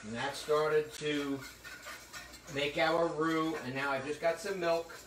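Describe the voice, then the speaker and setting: A cooking instructor gives a live demonstration in a hot kitchen, chatting his audience through each step as he cooks. His voice is fairly high and fairly even in intonation, and he speaks at a slow pace. A phone streams him to a remote audience, picking him up from a distance in an echoey room with a noisy background.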